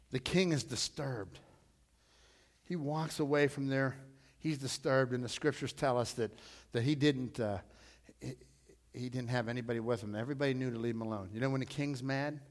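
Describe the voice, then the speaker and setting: A middle-aged male pastor preaching a storytelling sermon, repeating himself and swelling loud when he quotes scripture. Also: medium pitch.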